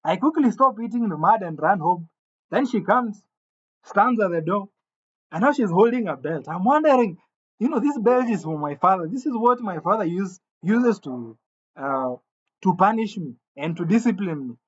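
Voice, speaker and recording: Husky, high-voiced storyteller. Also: male voice, moderate pace. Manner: animated, indignant, stumbling restarts. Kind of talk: comic storytelling. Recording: dull lo-fi recording.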